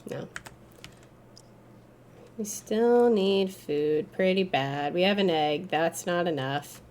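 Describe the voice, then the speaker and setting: A woman giving gameplay commentary, excitable and swearing freely, breaking into frustrated yells, then calmly explaining in a recap. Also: lowish voice, takes it slowly, a little hiss or hum. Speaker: gaming YouTuber.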